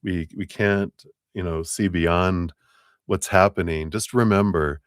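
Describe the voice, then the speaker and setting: A man's voice: low-pitched, fairly even intonation, a little slow, dry recording, clean studio sound. A man giving a live tarot reading, chatty and rambling, often breaking into laughter. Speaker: tarot reader.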